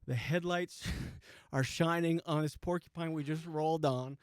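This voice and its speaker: Podcast host, man, forties, casual and profane storyteller, slightly high voice, dry close sound. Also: steady tone, measured pace, smooth, dry recording. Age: 40s. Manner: profane, laughs through his own story.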